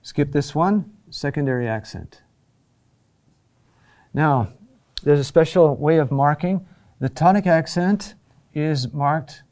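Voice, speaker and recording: A middle-aged man gives a recorded lesson at an unhurried, deliberate pace. His voice is mellow and dark, and he often pauses with fillers and restarts his phrases. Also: mid-range voice. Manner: slow and halting, with many fillers and restarts. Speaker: teacher. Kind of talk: recorded lesson on Latin chant accentuation.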